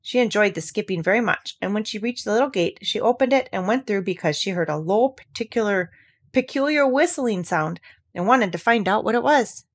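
A woman reading a classic novel aloud with expressive storytelling. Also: medium pitch, brisk, slightly rough. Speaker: audiobook reader.

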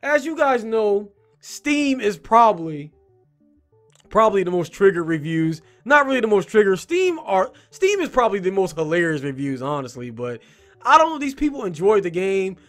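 A man's voice: high voice, very animated, moderate pace, fairly bright tone, faint music behind. A man hosting a video where he reads game reviews aloud and mocks them in a sarcastic, joking way. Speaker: YouTube host. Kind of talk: reading and mocking game reviews.

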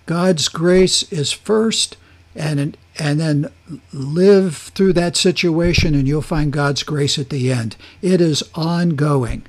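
A man with a fairly high voice teaches a verse-by-verse Bible study at a slow, unhurried pace. He reads scripture aloud, then explains what the words mean, often pausing and restarting his sentences as he thinks.

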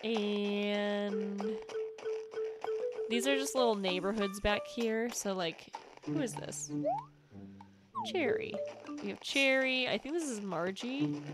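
A woman giving casual, rambling commentary while playing a video game. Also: mid-range voice. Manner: rambling, chatty. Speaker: gaming youtuber. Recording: game music behind.

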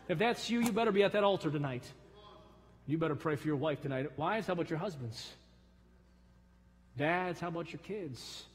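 A middle-aged male pastor preaching a sermon, swinging from loud, fervent rises to soft, low drops. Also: expressive, brisk, long reverb tail. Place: church sanctuary.

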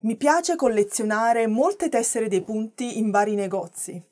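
A woman's voice: on the high side, moderate pace, dark tone. Chatty Italian-accented woman teaching vocabulary. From Italy. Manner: chatty and playful, laughing often, asking viewers questions. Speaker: language teacher. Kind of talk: casual vocabulary lesson to camera.

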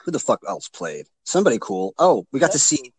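A man with a lively, swooping voice talks on a casual podcast, cracking crude jokes and swearing freely. His voice is close and dry, with no room sound around it. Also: mid-range voice, brisk, slightly rough, dry recording, poor audio. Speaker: podcast co-host. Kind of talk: casual chat.

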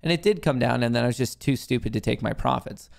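A young male day trader hosts a live trading stream, chatting casually to himself and his viewers while muttering and swearing at the market. His voice is medium-pitched and fast, with vocal fry.

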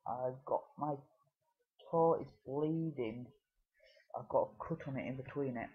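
British man, husky, rambling gameplay commentary, dull lo-fi home mic. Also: medium pitch, measured pace. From United Kingdom. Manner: rambling, with many fillers and restarts. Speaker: gaming video creator.

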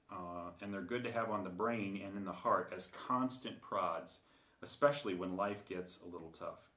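A man's voice: fairly low pitch, fairly bright tone, reverberant. A man giving a conversational sermon with dry humor and frequent filler words. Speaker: preacher.

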